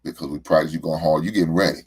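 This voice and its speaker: A middle-aged man with a very low voice hosts his own show. He tells stories casually and at length, and he often stumbles and repeats words as he goes. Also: fairly even intonation, rapid-fire, a little mellow, breathy edge. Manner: rambling, repeats words when emotional. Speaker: podcast host, father. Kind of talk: casual heartfelt monologue.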